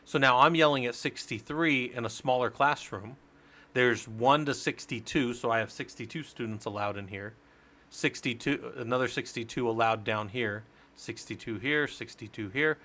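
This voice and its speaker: A man in mid pitch teaches networking on a relaxed live stream. He walks through each step in a chatty way and banters with his viewers as he goes. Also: normal speed. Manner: chatty, explains step by step, jokes with chat. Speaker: live-stream Linux instructor.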